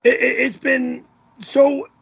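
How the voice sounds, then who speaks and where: A man, a regular on a live stream, talking in a flustered, stammering way with a gravelly, husky voice. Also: very high voice, monotone, takes it slowly, fairly bright tone, highs cut off. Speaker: show regular.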